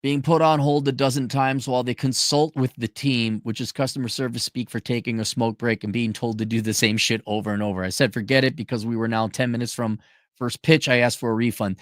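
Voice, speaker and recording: A man's voice: mid-range voice, steady tone, fairly quick, no room sound, clean studio sound. A man ranting sarcastically and with exasperation as he reads out and mocks a viewer's letter in a commentary video. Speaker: commentary vlogger.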